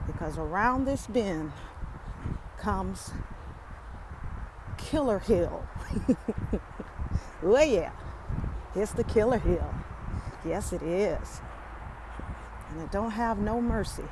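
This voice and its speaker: Medium-pitched and set against a noisy background, a vlogger talks casually and with humor to her viewers while walking a wooded lakeside trail, short of breath and holding her phone to film.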